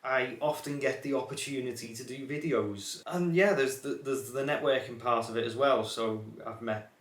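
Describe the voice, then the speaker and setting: A man's voice: medium pitch, moderate pace. A young man with a watered-down Scouse accent, chatting casually to camera as a car channel host, rambling with many fillers and restarts. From Liverpool area, England. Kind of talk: casual reflective chat to camera. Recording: echoey room.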